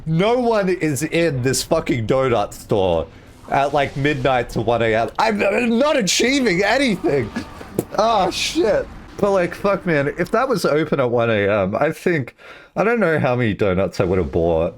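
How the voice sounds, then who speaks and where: A young man streamer telling a story in a casual, animated way while gaming, laughing and swearing often. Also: mid-range voice, normal speed, a little hiss or hum.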